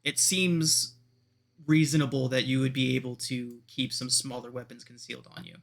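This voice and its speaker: A man's voice: medium pitch, little pitch movement, moderate pace, vocal fry, fairly bright tone, a little hiss or hum. A man narrating as game master of a tabletop game in an easygoing, descriptive way.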